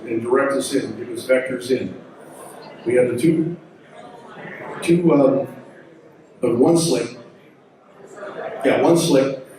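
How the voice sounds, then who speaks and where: A man's voice: medium pitch, warm tone, a little hiss or hum. An older man, a veteran pilot, telling war stories to an audience in a folksy, rambling way, often backing up to add details. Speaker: symposium speaker, veteran helicopter pilot. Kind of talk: storytelling talk to an audience. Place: large hall. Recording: echoey hall recording from far off.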